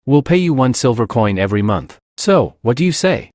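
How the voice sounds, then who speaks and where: Brief: male narrator voicing a calm young lord, matter-of-fact, animated pitch. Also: fairly quick, no echo, studio quality, lightly acted.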